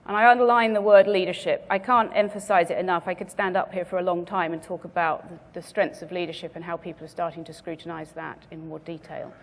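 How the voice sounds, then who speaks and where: A woman speaker giving a measured business presentation to a conference audience, stressing her key words. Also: fairly low pitch, fairly even intonation, long reverb tail. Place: conference venue.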